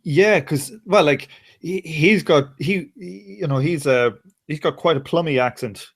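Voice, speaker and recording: A man's voice: fairly high pitch, measured pace, husky. A man from Ireland with a Dublin Irish accent, chatting casually as a guest and rambling with many restarts and fillers. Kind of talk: casual chat.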